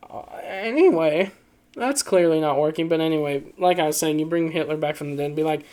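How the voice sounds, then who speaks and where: A man's voice: fairly high pitch, brisk, a little mellow. A man casually reacting to online posts, rambling and joking. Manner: rambling, joking, lots of fillers and laughs. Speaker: video creator.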